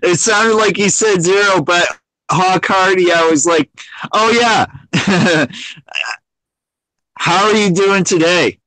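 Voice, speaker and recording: A man's voice: sits high, slow pace, long pauses, pushed and bright, low-quality recording. A man chatting casually on a livestream, rambling with many restarts and frequent laughs. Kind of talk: casual chat.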